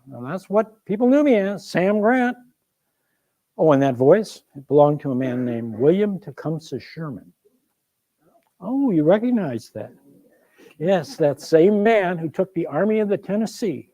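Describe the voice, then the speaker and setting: A man's voice: high-pitched, warm tone, no room sound. An actor playing an older Civil War general who recounts his youth in a wry, folksy, self-deprecating stage monologue. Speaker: performer of a one-man historical show.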